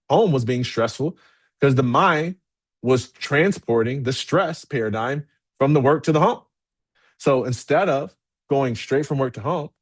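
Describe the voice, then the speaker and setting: A man giving a motivational talk as keynote speaker to a live audience, candid and energetic, often checking in with "okay?". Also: mid-range voice. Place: event room with a live audience.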